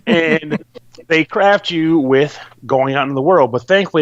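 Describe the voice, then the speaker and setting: A man's voice: on the high side, no echo, lo-fi sound. A man hosting a podcast, explaining a game in rambling, loose and profane casual chat. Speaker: podcast host reviewing a game.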